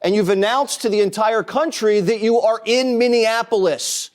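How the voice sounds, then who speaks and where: A male television commentator talks in blunt, declarative statements, delivering cable news commentary in a slightly high voice. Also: normal speed.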